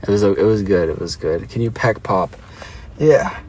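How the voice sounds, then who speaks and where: A man's voice: on the low side, moderate pace, darkish tone, slight background noise. A young man with an Australian accent, chatting playfully with his viewers on a live stream from his car. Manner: playful, chatty, reads and answers chat. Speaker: livestreamer. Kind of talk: casual live-stream chat.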